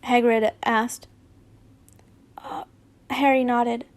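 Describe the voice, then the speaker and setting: A woman's voice: a little high, fairly even intonation, a little slow. A woman reading fanfiction aloud, unpolished, stumbling and correcting herself with chatty asides. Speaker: fanfiction reader.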